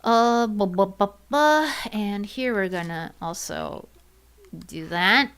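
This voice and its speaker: Woman, gaming streamer, unhurried, smooth clear voice, rambling filler-heavy chatter. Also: medium pitch, fairly bright tone. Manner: rambling, thinks aloud with many fillers and repeats. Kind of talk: casual gaming livestream chat.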